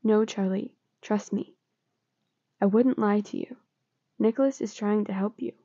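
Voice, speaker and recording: A woman reading the part of a calm older sister, speaking softly and reassuringly. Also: medium pitch, a little slow, gravelly, no echo, highs cut off.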